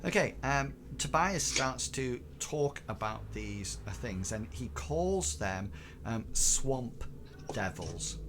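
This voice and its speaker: A man's voice: mid-range voice, animated, slow pace. A man narrating as game master, hesitant and full of fillers and restarts. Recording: noisy recording.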